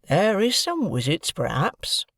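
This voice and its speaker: A man voicing a slow, kindly village blacksmith who talks in plain rustic dialect, weighing every word. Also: high-pitched, huge pitch swings, fairly bright tone, no room sound, studio quality, voice pushed up, exaggerated voice. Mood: ponderous.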